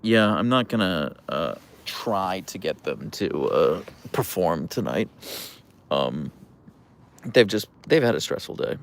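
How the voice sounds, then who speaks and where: Chill tired guy on a livestream, lowish gravelly voice, swings up and down a lot. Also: slow pace. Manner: relaxed, rambling, with fillers, soft coos to the dogs. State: tired, yawning. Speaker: livestream host with pet huskies. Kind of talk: casual livestream chat, reading viewer comments.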